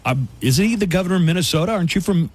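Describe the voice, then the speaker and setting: Male radio host, casual and chatty, husky voice, lively pitch. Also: racing, no echo.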